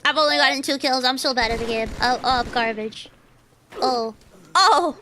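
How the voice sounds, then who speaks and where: A woman's voice: high-pitched, normal speed, a little hiss or hum. A woman streaming a shooter game, chatting casually, swearing and yelping at the action. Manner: excitable, swears and yelps at the game.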